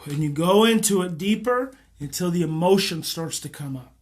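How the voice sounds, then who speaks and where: A man, a parenting educator, leading a guided emotional exercise in a slow, repetitive coaching cadence. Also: sits high, animated.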